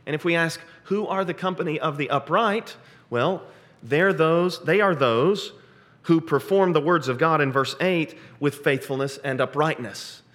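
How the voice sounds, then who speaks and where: A man preaching an expository sermon, earnest, asking rhetorical questions and slowing down to stress key phrases. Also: on the high side, a bit bright.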